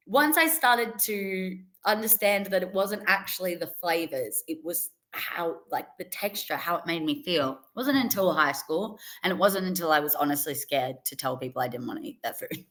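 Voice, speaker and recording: A woman's voice: fairly low pitch, normal speed, hardly any pauses, fairly bright tone. A young adult woman, a podcast guest, chatting casually and telling stories with frequent laughs. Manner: chatty storytelling, laughs often. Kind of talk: casual interview chat.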